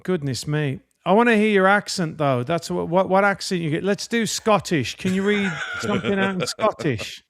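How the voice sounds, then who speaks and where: High-voiced man reading names. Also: a bit bright. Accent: non-American. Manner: chatty, reads names haltingly with asides. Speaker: guest reading out member names. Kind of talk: casual live-stream chat.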